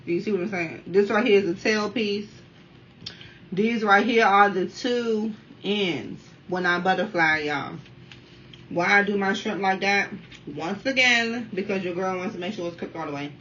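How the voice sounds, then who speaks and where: A talkative woman in her thirties from the Washington, D.C. area chats through a food review, constantly addressing her viewers. Her voice is bright and forward. The dull, slightly distant sound carries faint room noise. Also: medium pitch, measured pace. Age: 30s. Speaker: mukbang vlogger. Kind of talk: casual chatty food review while eating.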